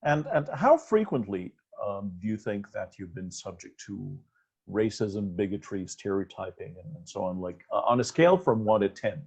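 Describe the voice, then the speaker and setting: A man's voice: fairly low pitch, lively intonation, normal speed, a little mellow, husky. Hesitant male interview host. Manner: hesitant, many fillers, long lists of terms. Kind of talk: interview questions. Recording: dull lo-fi audio.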